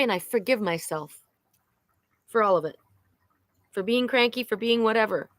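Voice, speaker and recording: A woman's voice: on the high side, normal speed, long pauses, fairly bright tone, no room sound. A middle-aged woman hosting a psychic live stream, talking candidly and emotionally, often repeating herself and swearing.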